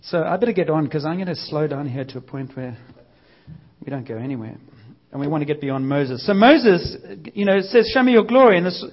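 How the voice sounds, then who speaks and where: A man preaching a sermon in a church service, with a conversational, energetic delivery and lively quoted voices. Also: on the high side, brisk. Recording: dull lo-fi sound.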